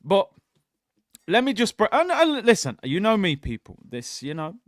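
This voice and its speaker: A man's voice: sits high, huge pitch swings, normal speed, no echo, clean studio sound. A man hosting a football fan channel, ranting in exasperation during a live watchalong and repeatedly addressing his viewers directly.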